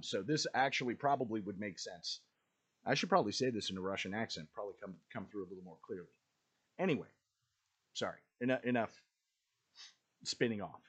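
A man hosting a podcast in casual commentary, who clears his throat often and wanders into asides while reading a speech aloud. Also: on the low side, a bit bright. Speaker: podcast host.

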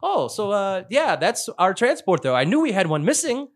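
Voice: medium pitch, big pitch swings, moderate pace, pitched above the performer's own voice. A game master voicing a flustered starship crewman in a red shirt, with a clumsy attempt at a Scottish accent. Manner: stumbling, hesitant and keeps breaking off.

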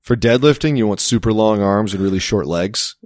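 A man's voice: lowish voice, a little fast, a little mellow, no echo, studio quality. A man in casual chat, telling a rambling story with plenty of swearing and laughter.

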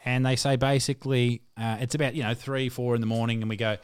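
A man's voice: medium pitch, flat delivery, fast, hardly any pauses, clear, resonant tone, no echo, clean studio sound. A young Australian man co-hosting a crude, casual podcast, telling a long story with lots of swearing and laughter. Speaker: podcast co-host.

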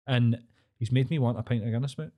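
A man's voice: medium pitch, quick pace, warm tone. Glaswegian man in casual banter. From Scotland. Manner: sweary banter, slips into silly voices. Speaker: podcast co-host. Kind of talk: casual chat.

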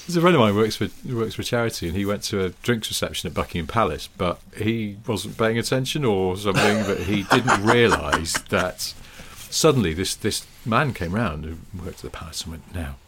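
A man with a lowish voice co-hosts a chatty podcast. He tells stories with dry, teasing humour in a relaxed, conversational way. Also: brisk, hardly any pauses, a little hiss or hum. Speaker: podcast co-host. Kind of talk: casual chat.

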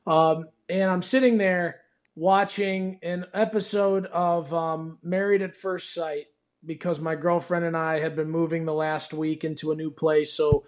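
High-voiced laid-back man. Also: little pitch movement, a little slow. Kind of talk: casual chat.

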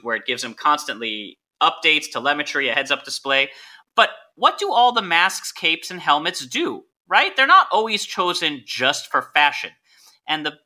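Guy hosting a chatty podcast, really bright tone, bouncy delivery. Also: medium pitch. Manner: animated, leads the topics. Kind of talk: casual podcast chat.

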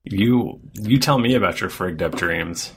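Slow, deep-voiced game master man. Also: gravelly, slight background noise. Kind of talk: narrating a tabletop game.

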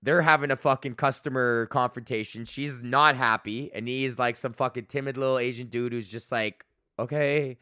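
Bright, slightly high-voiced man, solo host, rambling and profane, dry close mic. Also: steady tone, fairly quick, hardly any pauses, smooth, dry recording. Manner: profane, rambling storytelling with lots of fillers. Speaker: podcast host and comedian.

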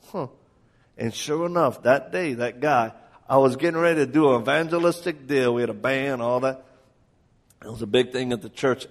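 A man preaching a live sermon, telling a story animatedly, acting out the people he quotes and laughing along. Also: fairly high pitch.

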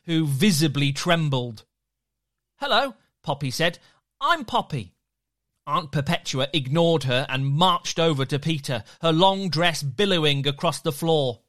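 A storyteller narrating a children's story with an expressive, lively delivery. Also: mid-range voice.

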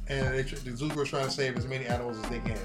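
A man in casual chat, telling a story in an animated, profane way and acting out quotes. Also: mid-range voice, rapid-fire, music in the background.

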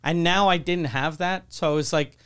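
A man co-hosting a podcast, telling stories in casual chat, animated and swearing freely. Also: a little high, moderate pace, clear, resonant tone. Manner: profane, animated storytelling. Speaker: podcast co-host.

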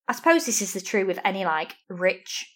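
A woman's voice: mid-range voice, brisk. A woman, chatting casually and telling stories with lots of "like" and swearing. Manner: animated storytelling, lots of "like", swears. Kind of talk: casual chat.

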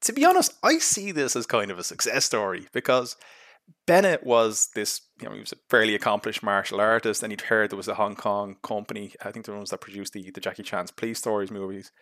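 A young man hosts a casual film talk, blunt and sarcastic, full of restarts and asides. His voice sits low, and the recording is dry and close with no room sound. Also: lively intonation, brisk, fairly bright tone, dry recording. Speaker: host.

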